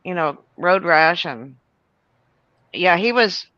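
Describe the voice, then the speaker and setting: A woman's voice: fairly low pitch, slow pace, no echo, highs cut off. A woman telling a long, rambling story on a show, full of fillers and restarts. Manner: animated, many fillers and restarts.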